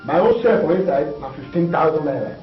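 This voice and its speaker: A man's voice: a little high, lively intonation, quick pace. An actor playing a bossy armed robber gang leader, speaking Nigerian Pidgin as he shares out the loot. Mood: boastful. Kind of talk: Nollywood film dialogue. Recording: echoey, distant, muffled film sound with music.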